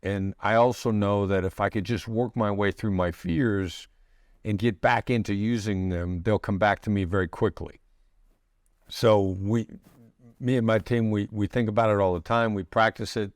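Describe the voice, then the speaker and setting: A middle-aged man with a low voice talks through ideas at a measured pace, pausing and restarting as he explains. He sounds close to the mic in a dry room with no echo. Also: steady tone. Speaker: negotiation expert guest. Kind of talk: conversational interview answers.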